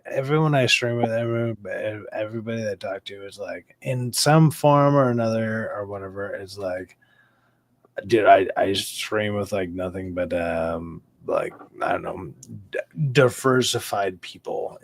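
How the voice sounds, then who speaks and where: Low-voice dude rambling on stream, lots of restarts and cussing, dry close sound. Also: male voice, no echo. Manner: rambling, many restarts, swears casually, laughs loudly. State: drinking during the stream. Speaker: streamer and podcast host. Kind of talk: casual chat on a live stream.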